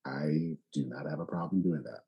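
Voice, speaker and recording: A man hosting a podcast, talking in a reflective, measured, casual way. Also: a bass voice, slightly rough, lo-fi sound. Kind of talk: casual conversation.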